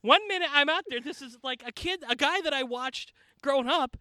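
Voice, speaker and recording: A man with a high, bright voice tells backstage stories in loose podcast chat. He swears freely and acts out the people he quotes. The sound is close and dry. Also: brisk, dry recording. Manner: animated, profane, acts out quotes in other voices. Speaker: podcast guest; wrestler. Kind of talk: casual storytelling chat.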